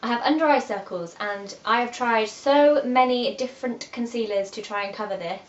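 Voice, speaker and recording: A woman's voice: a little high, moderate pace. A young woman, chatting and giggling as she talks through her favourite makeup products. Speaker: beauty vlogger. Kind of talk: casual chat about makeup favourites. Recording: echoey dull room audio with faint hiss.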